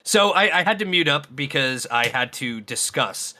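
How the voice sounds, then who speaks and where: A man co-hosting a gaming podcast, talking in an easygoing, halting way. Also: a little high, lively intonation, sharp tone. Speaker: podcast co-host. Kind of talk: casual gaming podcast chat.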